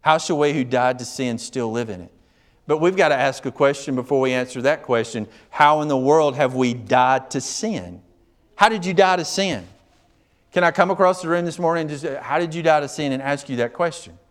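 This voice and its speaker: A man preaching a sermon in a conversational tone that swings from quiet asides to emphatic questions. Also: fairly high pitch, a little fast.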